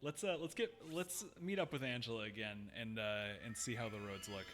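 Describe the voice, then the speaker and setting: Speaking a little quickly at medium pitch, a man streams his gameplay live as the main player. He works through his thoughts aloud, leaning on hesitant fillers and slipping in some dry humor.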